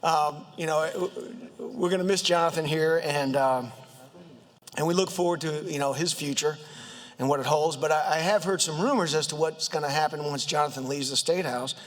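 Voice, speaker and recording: A man with a Southern accent introducing a colleague in a humorous floor speech, halting with many fillers and jokes, his voice high and a bit squeaky. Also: a bit bright. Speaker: state legislator introducing a colleague. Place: state house chamber. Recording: long reverb of a legislative chamber.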